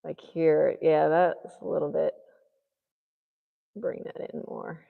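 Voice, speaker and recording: Woman artist, chatty and rambling as she paints, low voice with a lingering reverb. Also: flat delivery, takes it slowly, creaky, slightly rough, phone-quality sound. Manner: chatty, rambling, thinks aloud. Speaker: artist livestreaming a painting session. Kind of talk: casual chat while painting.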